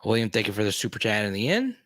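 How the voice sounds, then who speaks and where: A man hosting a casual livestream, chatting with viewers and greeting them by name with bursts of excitement. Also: lowish voice, very fast, dry recording, studio quality. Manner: excitable, greets chatters loudly, many restarts. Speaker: host.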